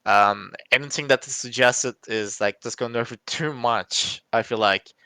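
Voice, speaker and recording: Bright, clear-voiced man thinking aloud. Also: mid-range voice, dry recording. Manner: halting, restarts often, thinks aloud. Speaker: game developer. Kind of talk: casual podcast chat.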